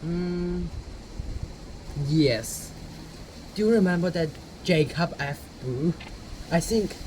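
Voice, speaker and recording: A man answering interview questions in a casual, emphatic way, often laughing between his points. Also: high-pitched. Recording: steady background noise.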